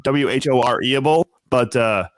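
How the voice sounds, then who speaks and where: A man co-hosting a rowdy podcast, his voice mid-pitched and close. It sounds dry on the mic. He jokes loudly and gushes thanks at a supporter. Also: normal speed, dry recording. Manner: loud, joking, thanks donors effusively. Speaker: podcast co-host. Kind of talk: rowdy casual chat.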